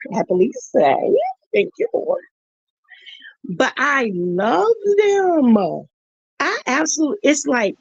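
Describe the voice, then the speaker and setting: A woman's voice: mid-range voice, darkish tone, dry recording. A middle-aged woman hosting a livestream, chatting casually and effusively with her viewers. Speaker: livestream host. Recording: dull dry lo-fi sound.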